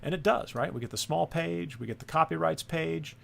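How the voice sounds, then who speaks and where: A man's voice: a little high, brisk, gravelly, slight background noise. A man teaching a screen-recorded networking lesson, thinking aloud and often checking in with "right?". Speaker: course instructor.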